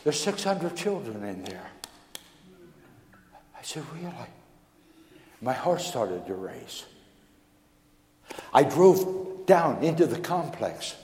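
A male pastor telling a folksy, animated story in a sermon, acting out the dialogue. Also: mid-range voice, slow, pauses often, slight background noise. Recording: echoey hall with long reverb.

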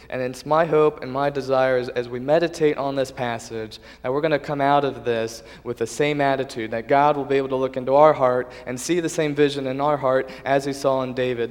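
A man preaching a sermon in an earnest, measured way, now and then restarting a phrase. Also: mid-range voice. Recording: long reverb of a hall.

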